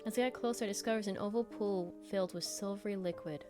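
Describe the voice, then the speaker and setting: Woman streamer reading a story game out loud, blunt reactions, faint music behind. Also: medium pitch, fast. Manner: animated, blunt outbursts between calm reading. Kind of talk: reading a visual novel aloud with live reactions.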